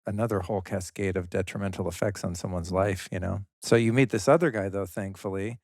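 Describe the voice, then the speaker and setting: A man's voice: sits low, fairly even intonation, brisk, no room sound, studio quality. A man hosting a podcast interview, speaking thoughtfully and loosely, with hesitant phrasing. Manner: thoughtful, rambling with fillers, gentle laughs. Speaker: podcast host. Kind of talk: interview conversation.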